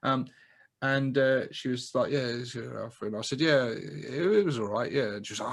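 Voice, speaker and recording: A man co-hosting a casual chat about films, animated, laughing often and swearing freely. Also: mid-range voice, a little fast, creaky, husky. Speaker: podcast co-host.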